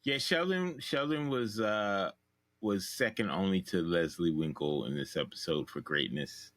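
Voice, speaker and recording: A man's voice: low-pitched, a little slow, fairly bright tone, no room sound. A man co-hosting a casual chat about a TV episode, laughing easily and restarting his sentences. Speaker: podcast co-host.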